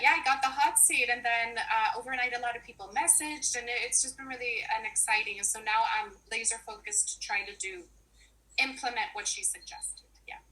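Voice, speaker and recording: Bright-voiced chatty woman in her forties. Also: medium pitch, low-quality recording. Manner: warm, emotional, chatty with frequent restarts. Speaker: finance professional and money coach. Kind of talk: casual video-call chat. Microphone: video call.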